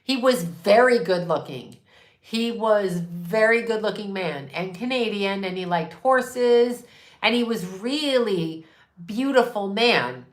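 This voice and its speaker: A woman's voice: medium pitch, lively intonation, slow pace. A woman in her fifties hosting a casual, rambling monologue, irreverent and profane, with laughing asides. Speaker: host. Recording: echoey room.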